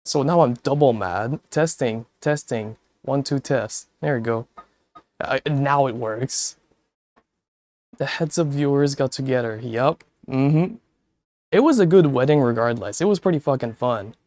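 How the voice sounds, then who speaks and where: A man's voice: mid-range voice, measured pace, a little mellow, no echo. Swearing, laughing male streamer, dry sound. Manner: profane, laughing storyteller; talks to chat viewers. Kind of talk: casual stream chat.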